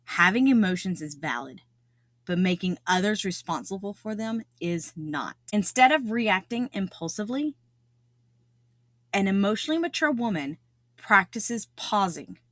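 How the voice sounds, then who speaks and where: A woman's voice: mid-range voice, expressive, normal speed, fairly bright tone, no echo, clean studio sound. A middle-aged woman hosting a solo self-improvement podcast, talking earnestly and repeating key phrases for emphasis. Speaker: podcast host.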